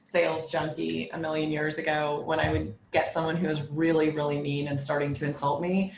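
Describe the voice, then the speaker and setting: A woman co-hosting a podcast, relaxed and wry, with a low, gravelly voice. She sounds like she is in an echoey room, with a faint hum of noise behind her. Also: fairly quick. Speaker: podcast co-host. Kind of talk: casual advice chat.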